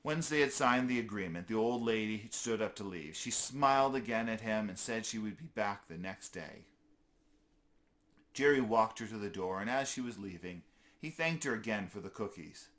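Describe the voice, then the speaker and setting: A man's voice: fairly low pitch, animated, normal speed, a bit bright. A man reading a children's story aloud in an easygoing way, with small slips he corrects as he goes.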